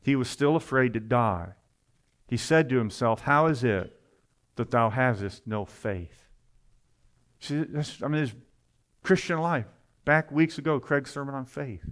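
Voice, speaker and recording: A man's voice: mid-range voice, lively intonation. Fervent male preacher. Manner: rising to loud, fervent emphasis, with quick asides. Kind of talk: sermon.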